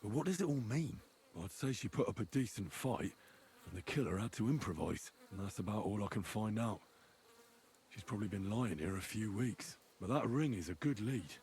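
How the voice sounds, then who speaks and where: Young medieval investigator, game character, grim, thinking aloud, lowish voice, faint ambient noise. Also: male voice, expressive, normal speed, darkish tone. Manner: grim, thoughtful, wondering aloud. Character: young male medieval investigator examining a body. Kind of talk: video game voice acting.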